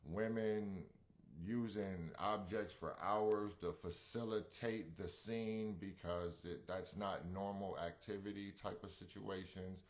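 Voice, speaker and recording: A man's voice: low-pitched, steady tone, takes it slowly. A man co-hosting a relationship talk show, chatting casually, reading out viewer comments and rambling with slang and restarts. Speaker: podcast co-host reading live comments. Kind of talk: casual chat.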